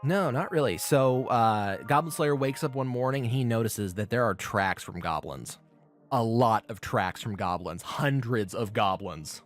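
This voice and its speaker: A man hosting a podcast, recapping a show in a casual, profane, animated way. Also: mid-range voice, a little slow, faint music behind. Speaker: podcast host.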